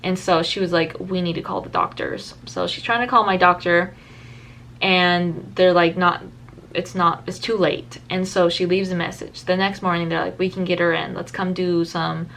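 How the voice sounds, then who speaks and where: A woman's voice: fairly low pitch, level tone, normal speed, gravelly, fairly bright tone, slight background noise. A young woman vlogger telling a personal story in a candid, rambling way, full of fillers and restarts.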